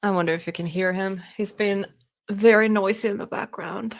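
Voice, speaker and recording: A woman hosting a live stream, reacting out loud to a video with exclamations and laughter. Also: mid-range voice, steady tone, normal speed. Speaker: true crime streamer.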